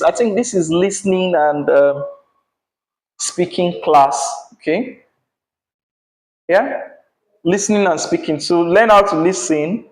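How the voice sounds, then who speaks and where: A male teacher, teaching a class patiently and checking in often with "yeah?" and "right?". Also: sits high. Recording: echoey classroom.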